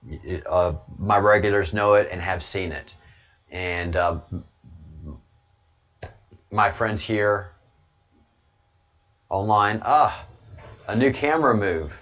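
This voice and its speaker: A man's voice: lowish voice, slow pace, pauses often, a bit bright. A man hosting a casual livestream, rambling to his chat and stammering over repeated words with frequent chuckles. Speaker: livestream host reading chat.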